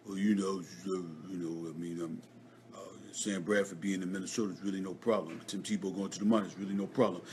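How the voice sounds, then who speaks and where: A man putting on a slow, mumbling impression of a deep-voiced male celebrity, drawling with lazy hesitations. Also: steady tone, slight background noise, close to an everyday voice. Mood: sleepy.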